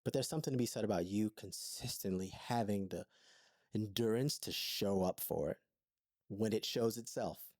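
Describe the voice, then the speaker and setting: A man with a lowish, warm and mellow voice tells his story in an earnest, thoughtful way. His voice is recorded close and dry, with no room sound. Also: normal speed, dry recording. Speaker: podcast co-host. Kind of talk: intimate conversation.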